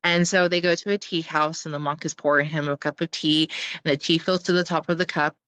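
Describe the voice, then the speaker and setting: A woman's voice: low-pitched, fairly even intonation, brisk, a bit bright, no echo. Chatty woman guest, lots of fillers. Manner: chatty, full of "like, you know" fillers, swears casually. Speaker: podcast guest, clowning teacher. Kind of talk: casual conversation.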